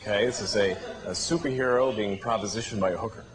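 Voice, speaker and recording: A man's voice: fairly low pitch, fast talker. A male comedian doing stand-up, telling rambling self-deprecating stories. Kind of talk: stand-up routine. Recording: hissy old TV broadcast recording.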